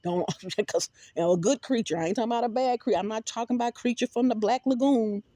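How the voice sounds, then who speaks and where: A woman's voice: a little high, quick pace, mellow, no echo. A woman talking casually to her viewers in a rambling, emphatic way, repeating words and swearing freely. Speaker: vlogger.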